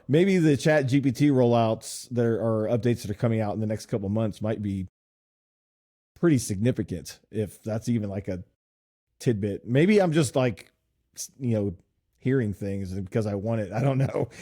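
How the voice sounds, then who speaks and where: A middle-aged man from Nashville, co-hosting a podcast, chatting casually and telling an animated story with frequent laughter. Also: on the low side. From Nashville, USA. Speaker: podcast co-host. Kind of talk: casual chat.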